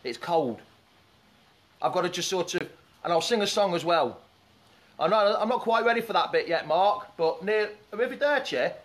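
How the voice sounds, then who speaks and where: Sitting out in the sun beside a swimming pool, a fan show host with a slightly high voice leads a relaxed live-stream chat. He speaks at normal speed, reading viewers' comments and greeting them as they come in, while a poolside phone or camera records him.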